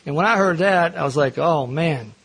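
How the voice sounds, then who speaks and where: A man's voice: a little high, moderate pace, vocal fry, fairly bright tone, slightly rough. Earnest middle-aged man telling his story. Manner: earnest and self-mocking, often laughing. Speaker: speaker at a recovery meeting. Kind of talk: personal storytelling talk.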